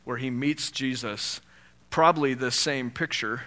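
Bright-voiced man preaching conversationally. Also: medium pitch, measured pace. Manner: conversational, asks the congregation rhetorical questions. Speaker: pastor. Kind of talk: sermon.

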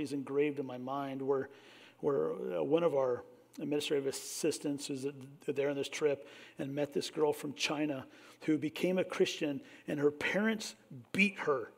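A middle-aged man with a notably high-pitched voice delivers a sermon. He preaches with emphatic swells, then falls to a hushed tone. He keeps calling his listeners back with a repeated "listen.". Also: vocal fry. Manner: repeats "listen" to address the congregation. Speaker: pastor.

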